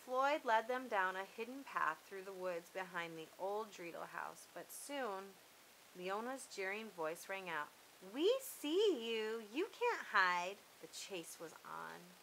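Storyteller woman, bright, expressive read-aloud, mid pitch. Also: measured pace, creaky, slight background noise, rough recording.

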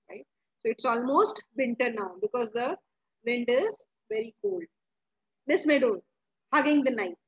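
Woman, teacher questioning her class, husky, dull lo-fi sound. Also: sits high, lively intonation. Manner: explains slowly, asks students questions, restarts often. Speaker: English teacher. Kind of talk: online class explaining a story.

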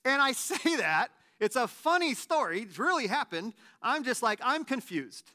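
Male pastor, late 30s, bright high voice, casual animated sermon delivery. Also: moderate pace. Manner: animated, conversational, self-deprecating humor.

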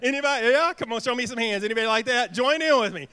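High, bright-voiced energetic male preacher. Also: racing, clear, resonant tone. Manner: energetic, asks the crowd questions and acts out quips. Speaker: pastor. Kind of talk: sermon. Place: church sanctuary.

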